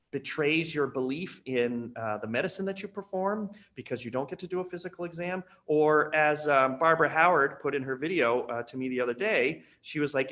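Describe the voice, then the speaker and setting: A man's voice: medium pitch, a bit bright. Chatty male webinar presenter. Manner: casual, chatty, many fillers. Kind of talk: conference webinar talk.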